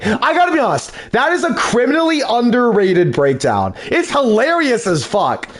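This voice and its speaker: A man's voice: very high-pitched, big pitch swings, moderate pace, hardly any pauses. A man casually chatting as a let's play dubber between lines, in an easygoing way full of "like". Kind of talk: casual gaming commentary.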